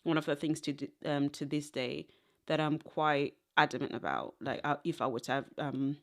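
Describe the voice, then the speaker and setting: A woman's voice: deep voice, normal speed. Woman from Zimbabwe telling stories. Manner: tangential storytelling, laughs often. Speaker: podcast guest. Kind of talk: casual interview chat.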